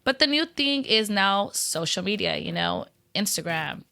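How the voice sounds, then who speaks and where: A woman's voice: medium pitch, sing-song, normal speed, vocal fry, pushed and bright, no room sound, studio quality. A woman business owner chatting in an interview, talkative and laughing often, with lots of "you know" fillers. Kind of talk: casual interview chat.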